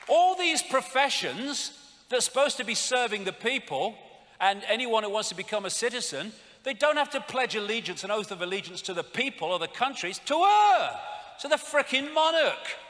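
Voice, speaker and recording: A man's voice: very high voice, normal speed. Sarcastic man lecturing in a hall. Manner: animated, sarcastic, swearing. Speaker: public speaker. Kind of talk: live lecture with slides.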